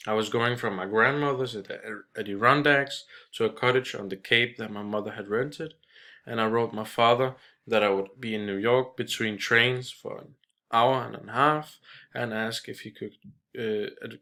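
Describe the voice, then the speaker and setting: A man reading a short story aloud in a measured way, with small restarts. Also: medium pitch, steady tone, pushed and bright. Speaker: reader.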